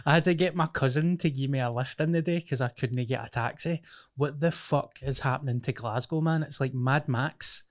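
A young Glaswegian man with a mid-range voice, speaking at normal speed, co-hosts a podcast while he has a cold. It's a casual chat full of sweary banter and laughter.

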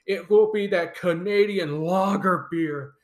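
An enthusiastic, opinionated man hosts a solo fan podcast and laughs often. His voice is fairly high for a man. The sound is echoey, as if recorded in a bare room. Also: unhurried. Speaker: podcast host.

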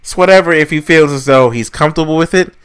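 A man's voice: fairly high pitch, quick pace, clean tone. A man co-hosting a casual wrestling podcast, blunt and swearing, who slips into mocking impressions. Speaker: podcast co-host.

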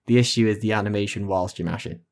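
A man's voice: on the low side, fast talker, a little mellow. A man co-hosting a casual gaming podcast, talking with enthusiasm and rambling through long explanations. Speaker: podcast co-host.

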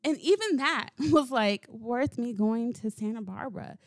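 A woman hosting a solo podcast, telling stories in a casual, animated way, swearing freely and laughing as she goes. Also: fairly high pitch, unhurried, no echo, clean studio sound. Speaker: podcast host. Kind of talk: casual solo storytelling monologue.

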